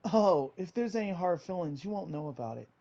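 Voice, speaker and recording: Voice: mid-range voice, expressive, fairly quick, dark tone, highs cut off, a little hiss or hum. A game master narrating a tabletop game, switching between narration and character lines.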